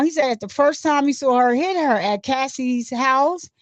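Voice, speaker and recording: Woman giving lively asides on a court transcript. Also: sits high, a little slow, few pauses, dry recording. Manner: animated, exclamatory asides. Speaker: host reading court transcripts. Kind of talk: casual commentary. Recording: dull lo-fi, dry.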